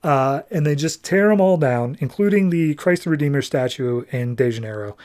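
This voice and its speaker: A man's voice: on the high side, expressive, moderate pace, a little mellow. A man hosting a podcast, retelling a comic book story in a loose, chatty way full of "like" and quoted dialogue. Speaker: podcast host. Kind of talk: casual comic book recap.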